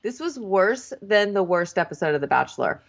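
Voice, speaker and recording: A woman's voice: medium pitch, big pitch swings, normal speed, vocal fry. A woman with a mid-range voice talks through a recap, blunt and incredulous and swearing often. The recording is slightly dull and lo-fi. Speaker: podcast co-host. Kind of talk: casual recap chat.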